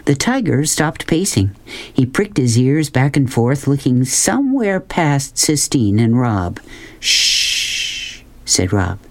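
A woman hosting a children's program, reading a novel aloud with measured, expressive storytelling. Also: rumbling low. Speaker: children's book reader.

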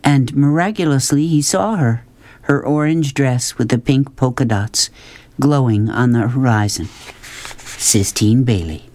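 Slow, calm male audiobook narrator. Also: medium pitch. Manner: calm, measured storytelling. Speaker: audiobook reader.

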